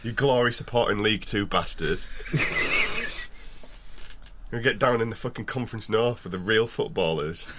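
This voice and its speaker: Yorkshire man, podcast co-host, slightly low voice, rambling and sweary. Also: moderate pace, long pauses, noisy background. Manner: sweary, rambling, laughs often. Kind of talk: casual banter.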